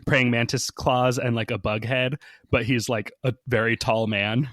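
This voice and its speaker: A man's voice: mid-range voice, flat delivery, unhurried, fairly bright tone, no room sound, studio quality. A man guest on a podcast, casually telling a story with lots of "like" and "um" and acting out the people he quotes. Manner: chatty, many fillers, acts out quoted people.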